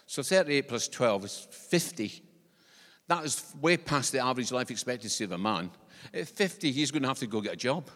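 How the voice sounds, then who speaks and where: A Scottish man preaches a sermon in a conversational, animated way and drops in joking asides. His voice sits at a middle pitch, and a long church reverb hangs behind every phrase.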